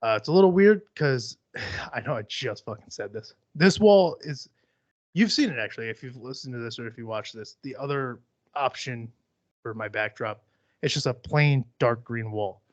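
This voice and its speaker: A man's voice: medium pitch, animated, moderate pace, dry recording. A young man hosting a casual solo podcast, rambling bluntly with lots of swearing and fillers. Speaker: podcast host. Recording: slightly dull, dry sound.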